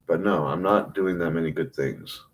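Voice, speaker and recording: A man giving an emotional, self-critical confessional monologue on a livestream, rambling with halting restarts and frequent swearing. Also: deep voice.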